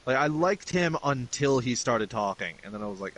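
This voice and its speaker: A man's voice: medium pitch, expressive, moderate pace, a bit bright, poor audio. A middle-aged man streaming games, ranting bluntly and swearing freely in casual commentary. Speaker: gaming streamer. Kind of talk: casual commentary over gameplay.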